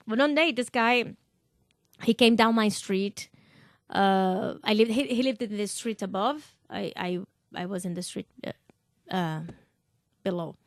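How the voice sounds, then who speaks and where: A woman with a Brazilian accent, a podcast guest telling stories in a laughing, swearing, animated way. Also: medium pitch, a little slow, dry recording, studio quality. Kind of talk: casual storytelling.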